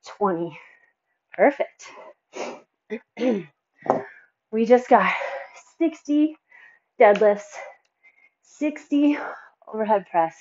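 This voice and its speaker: Slow-talking woman fitness instructor. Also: mid-range voice, mellow, highs cut off. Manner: encouraging, counts reps, sighs between exercises. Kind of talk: workout coaching.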